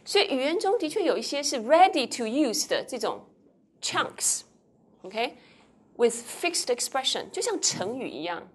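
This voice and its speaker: A woman's voice: high voice, very animated, unhurried, husky. A woman lecturing a university class, switching between Mandarin with a Taiwanese accent and English, quizzing students as she explains. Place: lecture hall.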